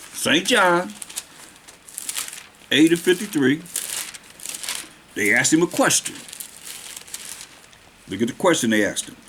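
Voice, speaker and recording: A man preaching from scripture with a voice that rises and falls widely, sitting a bit above the usual male range. He reads verses in slow, deliberate old-style phrasing and then puts them in plain street talk. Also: a little high, fairly bright tone. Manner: slows down to stress the verses. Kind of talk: scripture teaching.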